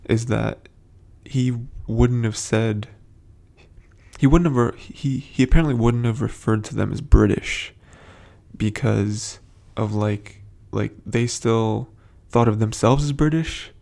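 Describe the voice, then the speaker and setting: A man's voice: fairly low pitch, takes it slowly, gravelly, a little mellow. A man hosting a casual, rambling TV episode recap, full of hesitant fillers. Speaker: host.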